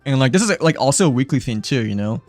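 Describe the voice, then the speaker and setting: A man's voice: medium pitch, expressive, fast, no room sound, faint music behind. A young man chatting casually while streaming a game, rambling with lots of filler words and trailing off. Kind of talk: casual live-stream chat.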